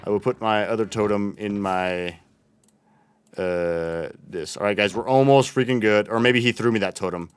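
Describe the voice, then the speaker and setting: Chatty male gaming streamer, smooth voice. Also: fairly low pitch, moderate pace, no room sound. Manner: chatty, reads chat aloud and thanks followers. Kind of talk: casual livestream chat while gaming.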